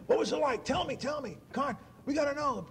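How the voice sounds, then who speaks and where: A man mimicking a pushy young male TV reporter who pleads eagerly and rushes his words. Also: extremely high pitch, slight background noise, voice pushed up. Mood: pleading.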